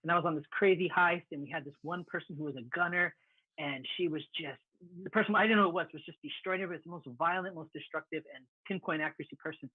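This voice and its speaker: A husky, quick-talking man spins excited gaming stories, tripping over his words as he rushes ahead. His voice comes through a thin, phone-like line with a dry, close sound. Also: a little high, no echo. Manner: fast animated storyteller, stammering restarts. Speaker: podcast co-host. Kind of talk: casual chat.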